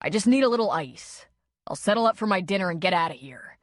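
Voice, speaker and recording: A woman voicing an angry young man, a former actor, shouting defensively after a fight. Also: medium pitch, expressive, fast, no echo, natural voice.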